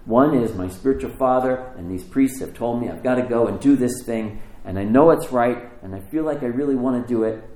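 A man preaching a sermon, telling a story and acting out the quotes with lively rises in his voice. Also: a little fast, few pauses. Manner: animated storytelling, acting out quotes with rising pitch. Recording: echoey room with faint ambience.

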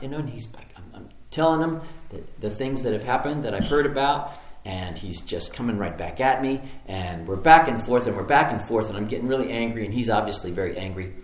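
A man who is a pastor, preaching a sermon in an animated, conversational storytelling way with repeated phrases. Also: on the low side, brisk, few pauses, reverberant.

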